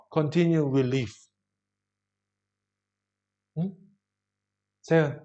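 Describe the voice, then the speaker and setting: Slow-preaching man in broken English. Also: fairly high pitch, highs cut off. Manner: broken English, rhetorical questions to the congregation; swings between loud emphasis and soft drops. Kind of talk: sermon.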